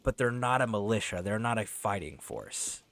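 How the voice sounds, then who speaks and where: A man's voice: on the low side, lively intonation, normal speed, fairly bright tone. A man streaming a video game, chatting casually, laughing often and swearing freely as he tells stories. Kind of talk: casual live-stream chat with storytelling.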